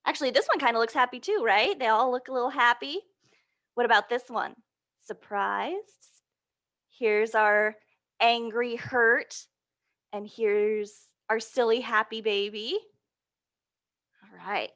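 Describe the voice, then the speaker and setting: A woman leading a children's storytime, animated and prompting her young listeners with questions. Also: fairly high pitch, measured pace, pauses often. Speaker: storytime reader.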